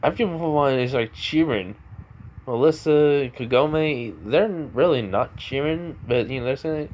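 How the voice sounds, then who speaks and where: A man tells a fan story in a loose, rambling way, circling back and restarting his sentences often. His voice sits at an ordinary middle pitch, and the telling feels offhand and unscripted. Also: unhurried, darkish tone, highs cut off, a little hiss or hum. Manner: rambling, full of fillers and restarts. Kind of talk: casual retelling of a fan story.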